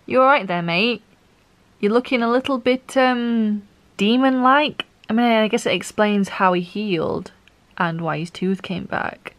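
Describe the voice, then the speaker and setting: A young woman vlogging her reactions as she reads, excitable and swearing, with frequent gasps and laughter. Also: a little high, measured pace. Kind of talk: reading reaction vlog.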